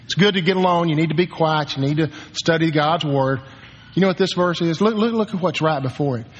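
Older guy pastor preaching hard, kinda high husky voice, hushed then yelling, big echoey church hall. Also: brisk, highs cut off. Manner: impassioned preaching, swings from hushed to shouted commands. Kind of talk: sermon. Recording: long hall reverb.

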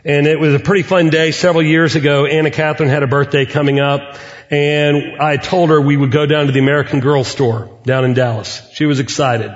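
A man's voice: fairly high pitch, flat delivery. Earnest preaching man in a reverberant hall. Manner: earnest preaching with deliberate pauses. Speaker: pastor. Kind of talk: sermon. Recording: reverberant hall, muffled sound.

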